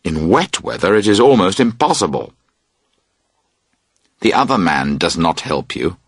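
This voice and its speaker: Slow husky male storybook narrator. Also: low-pitched, sing-song, no echo. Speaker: audiobook narrator. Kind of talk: scripted narration of a graded reader.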